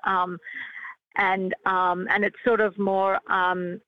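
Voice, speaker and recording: A woman's voice: medium pitch, flat delivery, slow pace, dull audio. A woman being interviewed, answering hesitantly with many fillers and restarts. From Australia. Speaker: filmmaker and actress guest.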